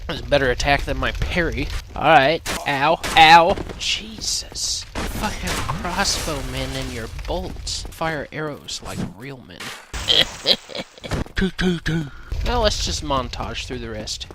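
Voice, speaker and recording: A man's voice: mid-range voice, animated, a little slow, background noise. A man giving casual, sarcastic gameplay commentary, joking and swearing freely.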